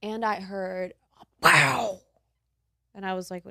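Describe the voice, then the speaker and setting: A woman in her twenties, a podcast host, telling a story in casual chat, animated and laughing, acting out the quotes. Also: mid-range voice, slow, vocal fry, dry recording, clean studio sound.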